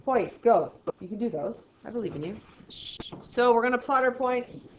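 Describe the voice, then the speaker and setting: A woman leads a math lesson in a relaxed, chatty way. She keeps firing off quick questions and answering them herself. The recording is a bit dull, with faint background noise. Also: fairly high pitch. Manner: casual and encouraging. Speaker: math teacher. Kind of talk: classroom lecture.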